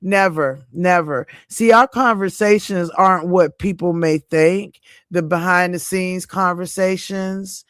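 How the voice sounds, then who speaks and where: Slow-talking, emphatic woman streamer. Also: fairly low pitch, fairly even intonation, clear, resonant tone, dry recording, clean studio sound. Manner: chatty and emphatic, repeats points, addresses viewers by name. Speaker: livestream host reading viewer chat. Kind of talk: casual live-stream chat.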